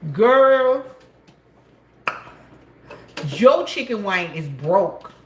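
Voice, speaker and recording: A talkative woman gossiping and laughing between loud teasing calls to a coworker. Her voice sits in a middling register and bounces around a hard, echoey room. A faint hum of background noise runs beneath her. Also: medium pitch, expressive, moderate pace. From South Carolina, USA. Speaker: vlogger. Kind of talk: casual chat to viewers. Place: inside a gas station store, at work.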